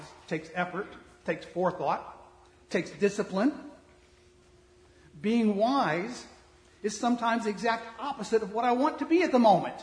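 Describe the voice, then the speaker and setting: Blunt preacher in an echoing hall. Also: male voice, sits high, moderate pace. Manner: blunt, conversational preaching that swings from soft to loud. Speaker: pastor. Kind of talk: sermon. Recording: reverberant hall.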